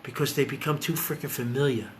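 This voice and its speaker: A man talking bluntly and profanely in a low, quiet voice while grieving, then singing along to guitar. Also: fairly even intonation, fast, a little hiss or hum. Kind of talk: emotional casual talk and singing. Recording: loud guitar music behind.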